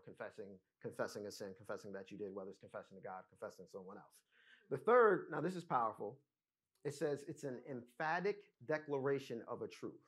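A man preaching a teaching sermon, explaining scripture step by step and often checking in with "right?" and "amen?". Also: medium pitch. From United States. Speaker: pastor.

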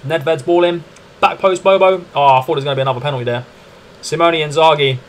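A young man streaming a football management game, commenting live in a chatty, excitable way and calling to his viewers as lads and mates. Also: on the high side, fast talker. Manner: excitable, chatty, keeps addressing "lads" and "mate".

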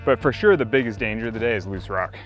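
A man's voice: fairly low pitch, expressive, quick pace, faint music behind. A man leading a mountain hike, chatting casually and joking dryly, recorded outdoors. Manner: dry joking, easygoing. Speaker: guest climber leading the hike.

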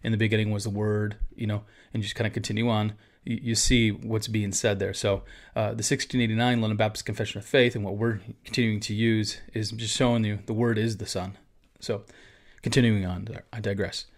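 A man's voice: on the low side, flat delivery, a little fast, hardly any pauses. A man, a pastor, teaching about a church confession of faith in a casual, conversational way with asides.

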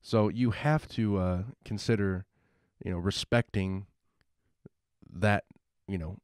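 A man's voice: sits low, slow, darkish tone, clean tone, no room sound, studio quality. A man co-hosting a podcast in casual chat, rambling with chuckles and often trailing off mid-thought. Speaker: podcast co-host.

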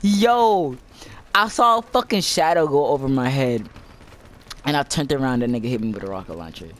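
Excitable, foul-mouthed young male gamer. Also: medium pitch, fairly quick, slight background noise. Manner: excitable, swears constantly, jumps from shouts to mutters. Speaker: gaming channel host. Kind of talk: live gameplay commentary.

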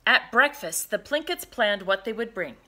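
A woman reading a children's picture book aloud in an expressive, sing-song manner. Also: mid-range voice, moderate pace. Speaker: storybook reader. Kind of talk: children's read-aloud narration.

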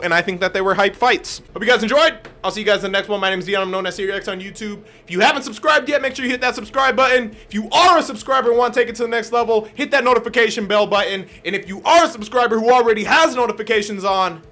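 A young man narrates his own fighting-game matches in a high, gravel-edged voice. His tone is bright and forceful, and he is quick to explain his slip-ups or shout at the other player. Faint music runs underneath. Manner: excitable, talks at the opponent and bursts into shouts; chatty, explains his own mistakes as he plays. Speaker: gaming YouTuber. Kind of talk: gameplay commentary.

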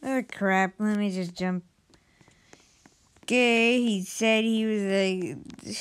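High, bright-voiced excitable woman. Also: very slow, pauses often, clean tone. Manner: excitable, with sudden shouted outbursts. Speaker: gameplay narrator. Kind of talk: playful narration of a game role-play.

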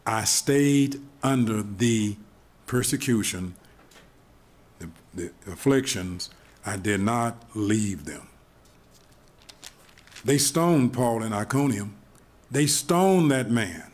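A man preaching a sermon, retelling stories in an animated way, chuckling often and restarting his sentences. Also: mid-range voice. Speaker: pastor.

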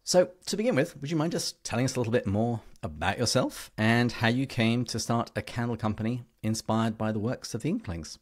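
A man's voice: mid-range voice, expressive, fairly quick, hardly any pauses. A man from Wisconsin hosting a casual podcast interview in an easygoing, chuckling manner. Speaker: podcast host.

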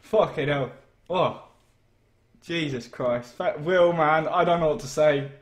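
A young man talking into a desk mic at his computer, his voice a touch high and coming slowly in halting bursts. He is emotional and shaking, stammering and swearing as he tries to find words on his live stream. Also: reverberant. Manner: overwhelmed, swearing, stammering exclamations.

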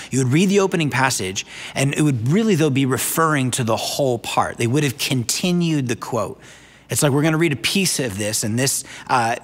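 Man, pastor, conversational sermon, asides to viewers, average pitch, long church reverb. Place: church sanctuary, online broadcast.

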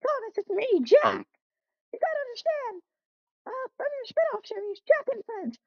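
A woman's voice: very high-pitched, animated, normal speed, dry recording, pitched above the performer's own voice. A woman voicing a frantic young male train engine who squeals and cries in panic, in a fan-made cartoon. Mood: panicky pleading. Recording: dull lo-fi dry recording.

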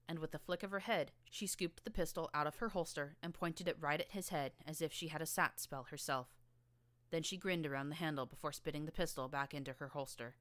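A woman's voice: deep voice, fairly quick, fairly bright tone, dry recording. A woman narrating a first-person story in a dry, wry storytelling manner. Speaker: audiobook narrator.

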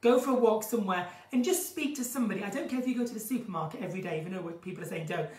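Croaky woman chatting on a live stream. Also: medium pitch, animated, very fast, a little mellow. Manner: chatty, gushing, flamboyant, breaks into song. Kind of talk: unscripted live chat, reading out viewer comments. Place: home in the countryside. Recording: roomy, distant phone sound.

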